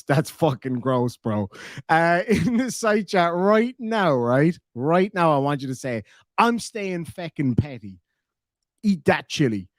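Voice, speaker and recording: Joking Irish streamer, fairly high voice. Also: male voice, no room sound, clean studio sound. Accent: Irish, Cork. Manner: joking, sweary banter. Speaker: live streamer reacting and reading donations. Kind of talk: live-stream reaction chat.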